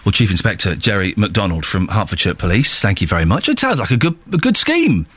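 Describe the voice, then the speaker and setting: A man's voice: lowish voice, quick pace, breathy edge, no room sound. A man hosting a radio show in a studio, chatting in a jokey, teasing way with guests and his co-presenter. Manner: jokey, teasing, lively banter. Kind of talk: casual radio chat. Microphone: studio microphone.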